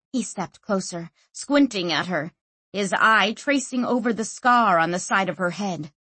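A woman narrating a novel as an audiobook, expressive and acting out every figure. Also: medium pitch, measured pace, husky, no echo. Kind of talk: scripted narration.

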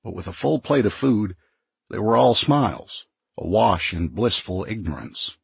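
Husky low-voiced male narrator. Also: animated, unhurried, no room sound. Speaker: audiobook narrator. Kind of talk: scripted first-person narration.

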